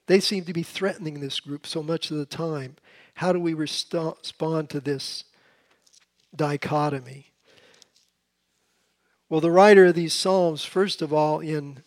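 Male Bible teacher, voice on the high side, casual talk with many restarts. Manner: conversational, with frequent restarts. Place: seated, with a drink at hand.

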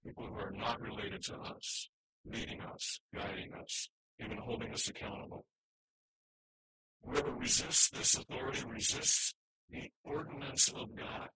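A man's voice: mid-range voice, moderate pace, sharp tone, slightly rough, rough recording. A man preaching a sermon, earnest and emphatic, with frequent restarts as he works through scripture slides. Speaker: pastor.

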